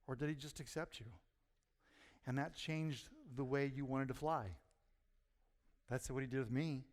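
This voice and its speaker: A man preaching a sermon as pastor, telling stories and swinging from quiet asides to near-shouts. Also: medium pitch, steady tone, moderate pace, pauses often, big-room sound. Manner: storytelling, rising to near-shouts at punchlines. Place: church sanctuary.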